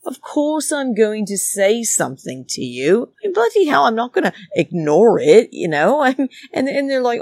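Woman, heated casual rant, swears a lot, gravelly, dry close recording. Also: fairly high pitch, sing-song, normal speed, few pauses, darkish tone, dry recording. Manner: heated, swearing, calls listeners darlings. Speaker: podcast or vlog host. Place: flat in a big city.

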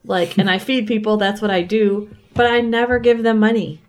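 This woman is a guest on a podcast, chatting casually about faith in a candid, animated way, peppering her talk with "like" and laughing at herself. She has a medium-pitched, steady voice and speaks at a normal speed.

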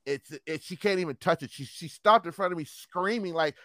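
A man telling a long story in casual chat, animated and profane, acting out the quotes. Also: sits high, fairly quick, dry recording, clean studio sound.

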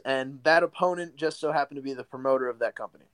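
A man's voice: medium pitch, quick pace, fairly bright tone, smooth, no room sound. Young man telling stories, full of likes. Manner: rambling, full of likes and you-knows. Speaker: guest pro wrestler. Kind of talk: casual interview storytelling.

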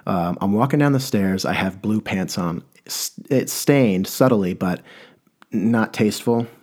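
A young man with a fairly low voice rambles through a comic story in a deadpan manner. He is loose and unhurried, stumbling over words and restarting often.

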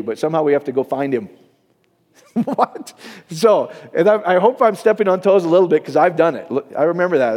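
Animated male pastor in a reverberant hall. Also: high-pitched, fairly quick. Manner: animated, acts out quoted voices, jokes with the congregation. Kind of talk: sermon.

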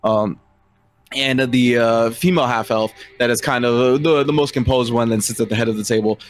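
A man's voice: mid-range voice, steady tone, moderate pace. Casual young man game master. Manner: casual, many fillers. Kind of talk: narrating a tabletop game.

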